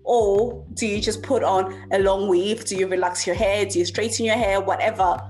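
A woman's voice: medium pitch, steady tone, normal speed, darkish tone, faint music behind. A woman talking in a casual chat, earnest and reflective, with many fillers. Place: works in the UK.

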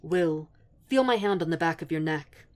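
A woman voices a composed, suave older male psychiatrist in this audiobook reading. He speaks in a low, hushed voice, measured and soothing, never raised. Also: expressive.

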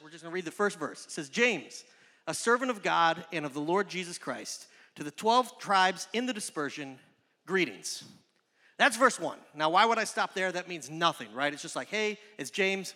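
Bright, high-voiced young male preacher. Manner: chatty, joking, animated storytelling. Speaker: youth pastor. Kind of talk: casual sermon. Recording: echoey hall reverb.

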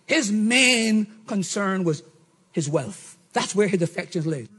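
Pastor guy preaching hard, high sharp voice, yells then drops way down. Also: normal speed, breathy edge. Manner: animated preaching, swings from shouting to low murmurs. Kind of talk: sermon.

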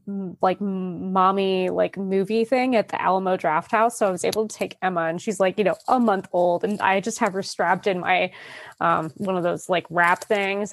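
A woman's voice: medium pitch, dry recording. A woman in her thirties from Northern Virginia, chatting casually on a podcast, laughing often and filling her talk with "like". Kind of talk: casual chat.

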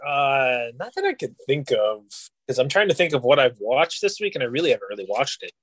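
A man's voice: mid-range voice, very animated, a little fast, fairly bright tone, dry recording. A man co-hosting a casual podcast, bantering with crude jokes. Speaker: podcast co-host. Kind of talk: casual chat.

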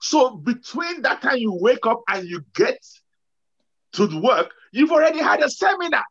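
A man's voice: very high-pitched, big pitch swings, moderate pace, a bit bright, lo-fi sound. A man in casual motivational chat, telling a story and acting out quotes with bursts of energy.

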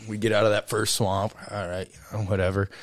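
A man's voice: on the low side, flat delivery, a little fast, no echo, studio quality. A young man co-hosting a podcast, telling a long story in a rambling, casual way with lots of "you know" and "uh". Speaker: podcast co-host.

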